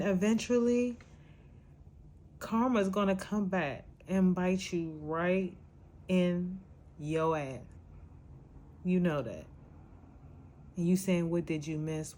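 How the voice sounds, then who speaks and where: A woman's voice: low voice, warm tone, slight background noise. A woman hosting a podcast, scolding her subject in a blunt, exasperated rant. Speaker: podcast host. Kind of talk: casual reaction rant.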